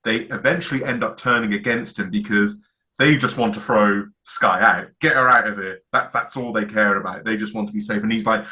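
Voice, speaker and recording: Bright, enthusiastic man. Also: on the low side, fairly even intonation, a little fast. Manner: enthusiastic, retells scenes acting out lines. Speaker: podcast co-host. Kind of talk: casual chat.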